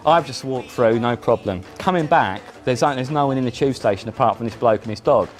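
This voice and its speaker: A man, a musician guest in a casual chat, telling animated stories with frequent restarts. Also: mid-range voice, a little fast, faint music behind. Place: indoor chat.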